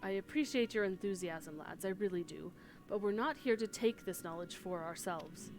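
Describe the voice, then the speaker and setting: A middle-aged engineer chief in a game cutscene, gruff and principled. He speaks firmly and earnestly, each point carefully weighed. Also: sits high, normal speed, faint music behind. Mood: stern. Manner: firm, earnest. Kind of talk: voiced game cutscene dialogue.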